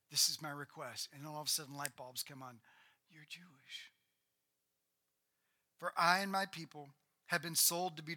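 A man preaching a sermon, retelling a Bible story with lively acted-out dialogue. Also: a little high. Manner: animated storytelling, acting out biblical characters.

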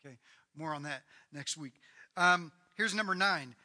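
A man preaching a sermon to his congregation, animated and conversational, rising to loud emphatic bursts. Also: on the high side, moderate pace. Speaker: pastor.

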